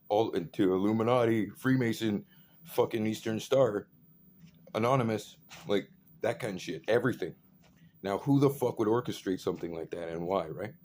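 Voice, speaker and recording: A man's voice: lowish voice, darkish tone, a little hiss or hum. A man ranting in a rambling monologue, swearing often and filling gaps with "like" and "right". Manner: profane, rambling, full of fillers.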